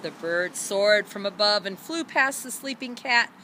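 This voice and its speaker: A woman reading a storybook aloud for children, animated, with high voices for each animal. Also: takes it slowly, a little hiss or hum. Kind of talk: read-aloud storybook narration.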